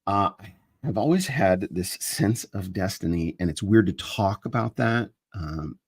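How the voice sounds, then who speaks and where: Man, low husky voice, dry close sound, rambling host monologue that keeps restarting. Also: expressive, a little slow, dry recording. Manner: meandering, self-interrupting, restarts sentences. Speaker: host of a live chat stream. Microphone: handheld microphone he moves around.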